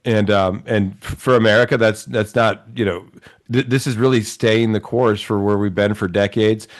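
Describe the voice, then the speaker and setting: Wisconsin-accent guy arguing politics on a talk show, lowish voice, earnest. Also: fairly even intonation, moderate pace. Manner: earnest, argumentative commentary. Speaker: political commentator.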